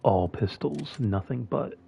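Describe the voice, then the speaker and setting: A man's voice: mid-range voice, expressive, a little slow, creaky, mellow, slight background noise. A man casually thinking aloud as he plays a game, talking with a mint in his mouth. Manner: mumbly and musing, thinking aloud. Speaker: gameplay streamer. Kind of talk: casual gameplay commentary.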